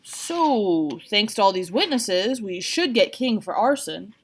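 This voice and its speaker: A woman's voice: mid-range voice, expressive, slow pace. A woman voicing a plainspoken detective uncle who is firm but relieved, in a storybook reading.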